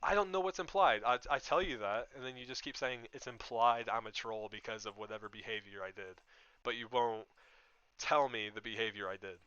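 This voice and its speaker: A young man in a voice chat argument, calm and persistent, keeps asking pointed questions. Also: medium pitch, brisk, smooth, no room sound, dull audio. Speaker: player in voice chat.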